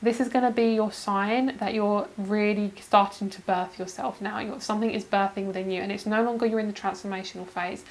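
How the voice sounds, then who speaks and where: A woman's voice: mid-range voice, fairly even intonation, fairly quick, hardly any pauses, poor audio. A woman giving a pick-a-card tarot reading to her viewers, gushing and effusive, swearing casually and laughing often, emotional and calling her audience "girl" and "you guys". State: emotional, near tears.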